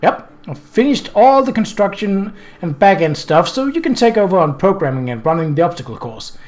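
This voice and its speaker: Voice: mid-range voice, sing-song, moderate pace, a little mellow, natural voice. A gamer voicing a friendly robotics student. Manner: chatty, reassuring.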